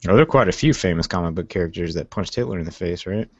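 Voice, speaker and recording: Deep-voiced laid-back young man. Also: animated, racing, breathy edge, no room sound. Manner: laid-back, slangy, says "man" and "like" a lot. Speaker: podcast co-host. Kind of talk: casual chat. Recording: dull lo-fi dry sound.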